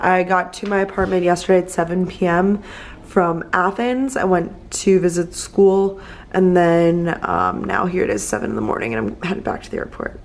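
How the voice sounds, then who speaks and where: A woman in her twenties, vlogging in a chatty, excitable way, full of "like", filmed at arm's length indoors. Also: on the low side, moderate pace, a little hiss or hum, low-quality recording. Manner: chatty, lots of likes, easily excited. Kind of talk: casual chat to camera. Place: apartment and hotel room, indoors.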